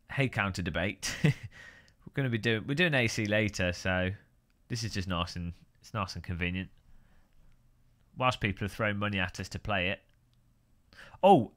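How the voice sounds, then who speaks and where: A man's voice: fairly low pitch, fairly bright tone. A man hosting a casual live stream, rambling and joking while greeting viewers by name.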